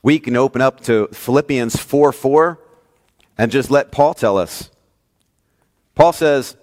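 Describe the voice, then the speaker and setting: A male pastor preaching a sermon, telling a story with lively swings between loud, emphatic lines and hushed, soft ones. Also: medium pitch, moderate pace, in a large hall.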